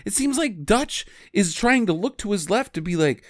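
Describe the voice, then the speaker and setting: A man chatting casually about a movie, his pitch swinging widely as he tells the story. He keeps slipping into voices for the characters. The sound is close and dry. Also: moderate pace, dry recording. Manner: animated, slips into character voices. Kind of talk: casual chat recapping a movie.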